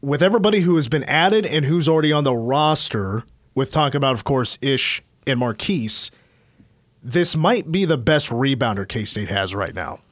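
A man's voice: medium pitch, expressive, moderate pace, no room sound. A man on sports talk radio, breaking down a college basketball recruit in a detailed, stat-heavy, conversational way.

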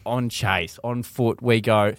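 A man co-hosting a podcast, telling a story in casual chat and loudly acting out the voices of the people in it. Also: mid-range voice, takes it slowly, no room sound, clean studio sound. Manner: animated, acts out quoted voices loudly. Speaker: podcast co-host.

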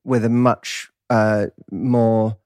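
A man's voice: on the low side, level tone, drawn-out words, a little mellow, no room sound. Cockney guy from east london, chatty guest, chuckles a lot, dead dry sound. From East London, England. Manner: wry, laughs often while talking. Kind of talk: casual interview chat. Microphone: close studio mic.

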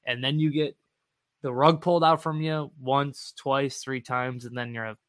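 With medium pitch and an unhurried delivery, free of room sound, a man co-hosts a casual real estate podcast. He's animated and candid, swearing freely while acting out his earlier self.

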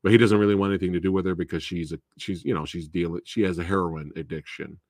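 A man's voice: deep voice, steady tone, fast talker, a little mellow, no echo, clean studio sound. A man hosting a casual live movie show, recapping and reviewing a film in a rambling, chatty way. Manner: rambling and chatty, with fillers and laughs. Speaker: host of a movie talk show.

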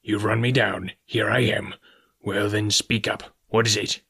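A man reading an audiobook, voicing a gruff old male sea captain who talks bluntly. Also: on the low side, little pitch movement, unhurried, a bit bright, heavily acted. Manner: blunt, swearing.

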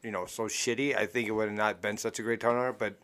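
Rambling, halting podcast man. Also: fairly low pitch, fairly even intonation, a bit bright. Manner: rambling, halting, full of fillers. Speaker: podcast co-host. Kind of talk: casual chat among friends.

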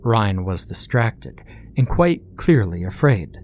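A man reading a horror story aloud in a measured, matter-of-fact narration. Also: on the low side, lively intonation, a little mellow, a little hiss or hum.

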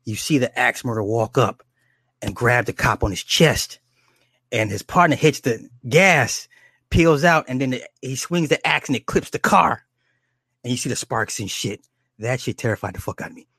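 Profane, animated man retelling a movie. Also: medium pitch, moderate pace, breathy edge, no echo, studio quality. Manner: animated and profane, with many restarts and acted quotes. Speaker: storyteller recounting a horror movie. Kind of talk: casual rambling plot retelling.

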